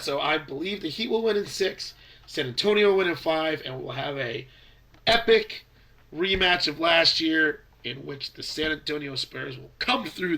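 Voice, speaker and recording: Congested and stuffy from a cold, this young basketball vlogger speaks a little high, with a bright, forceful tone. His casual sports commentary wanders through opinionated predictions about basketball.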